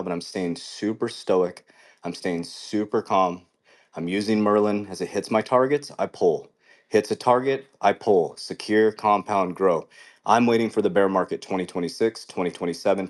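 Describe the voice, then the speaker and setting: A man's voice: lowish voice, a little mellow. A man hosting a crypto show, talking in a fervent, preachy motivational way and swearing casually. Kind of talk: motivational live-stream talk.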